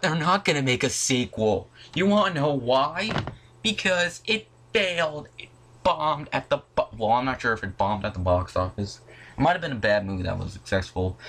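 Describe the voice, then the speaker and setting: A young man delivers a heated movie rant from his home. His voice is bright and sharp, and his pitch jumps widely. He swears often and sounds openly irritated. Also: a little hiss or hum. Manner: irritated, profane, exclamatory. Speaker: video channel host. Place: at home, in front of a disc collection.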